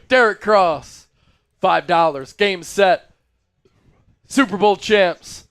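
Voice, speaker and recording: High-voiced excited man, crisp. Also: takes it slowly, no room sound, clean studio sound. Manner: chanting and shouting fan cheers; reads out viewer donations. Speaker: live stream host. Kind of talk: excited live sports stream chat.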